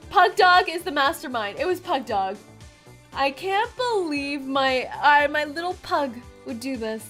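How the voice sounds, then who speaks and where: Excitable high-voiced woman streamer. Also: unhurried, faint music behind. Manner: excitable, gasping, yelling, jokey. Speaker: game streamer. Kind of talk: casual let's-play commentary.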